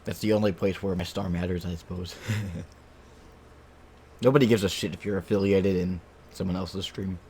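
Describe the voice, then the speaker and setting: A man with a lowish voice chats loosely with his stream viewers, thinking out loud in an easygoing way. A faint hum of room noise sits behind his home mic. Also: moderate pace, pauses often. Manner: relaxed, chatty, talks while eating, muses aloud. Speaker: game streamer. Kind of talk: casual stream chat while playing.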